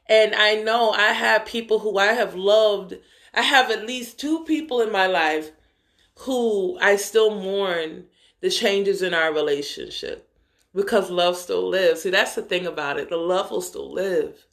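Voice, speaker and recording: A woman spiritual teacher giving a live-streamed spiritual talk, gentle and heartfelt, calling her listeners brothers and sisters of the light and drawing out words slowly for emphasis. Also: medium pitch.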